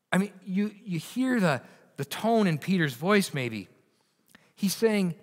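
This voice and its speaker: A male pastor preaching a sermon earnestly, often restarting his words and moving between raised and hushed delivery. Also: sits high, very animated, takes it slowly, big-room sound. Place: church sanctuary.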